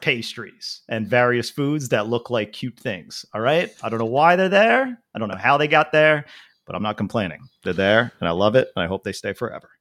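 Man in his thirties, from the new york area, lively pitch, playful casual podcast chat. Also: moderate pace. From New York tri-state area. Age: 30s. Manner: animated, playful, swears casually. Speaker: podcast co-host.

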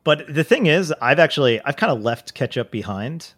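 East Coast guy, laid-back deadpan co-host, filler-heavy; dry, close recording. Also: on the high side, moderate pace, no room sound. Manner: easygoing, deadpan joking, drifts into fillers. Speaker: podcast co-host. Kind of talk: casual chat.

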